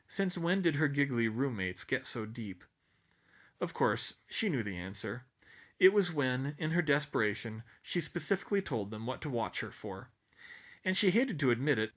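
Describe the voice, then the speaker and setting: A man narrating an audiobook in a lively, expressive reading voice. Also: medium pitch. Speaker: audiobook reader.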